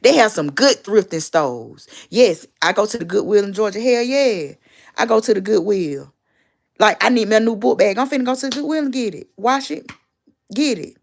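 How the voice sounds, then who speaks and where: A woman's voice: mid-range voice, moderate pace, creaky. Blunt, profane woman livestreaming. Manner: blunt, profane, loudly animated. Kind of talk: casual livestream gossip commentary.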